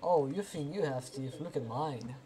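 A man hosting a casual chat, opening with a lively, playful intro and then asking teasing questions. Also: mid-range voice, normal speed, background noise. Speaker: host.

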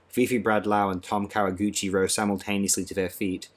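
A male audiobook narrator reads a classic novel aloud. His voice sits very low. He reads expressively, letting the prose swell with the scene. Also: flat delivery, a little fast. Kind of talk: scripted narration.

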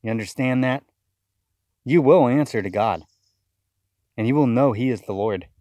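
A man's voice: medium pitch, normal speed, dark tone, dry recording. Man, impassioned preacher-style rant, accusatory, stumbles and repeats words, dry close sound. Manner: fiery, accusatory, repeats words mid-sentence. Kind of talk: impassioned video sermon rant.

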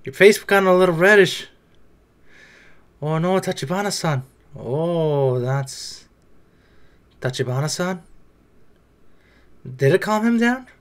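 Excitable higher-voiced man reacting to anime. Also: takes it slowly, pauses often. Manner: excitable, swearing, blurts reactions. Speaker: anime reaction video creator. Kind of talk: casual anime reaction commentary.

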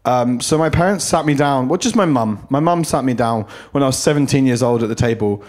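A man's voice: medium pitch, fairly quick, a little mellow. A man opening a stand-up set with a personal story, hesitant, with ums and restarts. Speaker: stand-up comedian.

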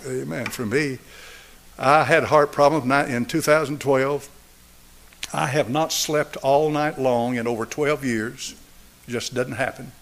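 A man in his seventies preaching a sermon and altar call, driving points home through repetition and swinging between raised and hushed delivery. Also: medium pitch. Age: 70s. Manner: emphatic, repetitive preaching cadence. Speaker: pastor.

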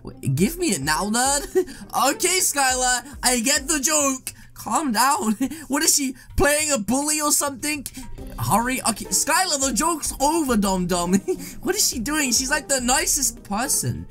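A woman hosting an excited gameplay commentary video, dramatic and excitable, reacting with exaggerated shock. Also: sits high, unhurried, faint music behind. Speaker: gaming video host.

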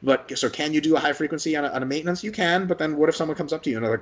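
A man rattles along at a quick clip in a casual podcast chat. He swears freely and acts out little imagined exchanges, jumping into other voices for a moment. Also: fairly high pitch. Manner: fast, animated, profane, acts out imagined dialogues. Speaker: guest, hypertrophy coach.

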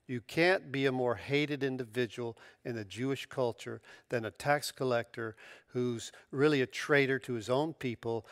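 In a clean studio with no echo, a mid-range male voice preaches a sermon as pastor. His delivery is conversational and emphatic, peppered with casual slang and restarted phrases, and it rises sharply when he gets excited.

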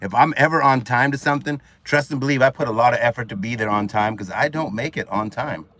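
A man's voice: mid-range voice, quick pace, fairly bright tone. A man hosting a casual live stream outdoors at a marina, upbeat as he greets viewers by name and reads their comments on a phone held at arm's length. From California. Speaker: livestream host.

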